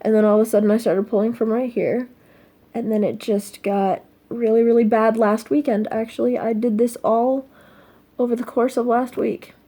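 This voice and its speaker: Soft halting teenage girl vlogging. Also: on the high side, fairly even intonation. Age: teens. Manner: soft, halting, emotional, many fillers. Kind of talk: personal confessional vlog.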